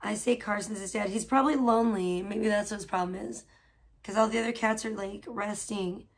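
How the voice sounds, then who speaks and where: A woman's voice: mid-range voice, fairly even intonation, fairly quick, gravelly. A woman livestreaming from home in casual chat, gossiping and swearing freely while scolding her pet cat. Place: at home indoors.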